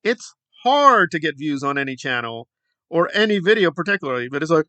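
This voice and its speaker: A man's voice: fairly high pitch, big pitch swings, fairly quick, sharp tone, no echo. A man hosting a commentary video, ranting in a sarcastic, exasperated way. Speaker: commentary channel host.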